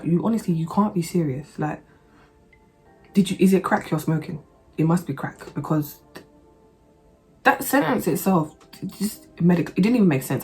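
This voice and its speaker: A woman telling a story to camera in a blunt, sarcastic, expressive way. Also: fairly low pitch, slightly rough. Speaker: vlogger. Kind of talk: animated storytime monologue.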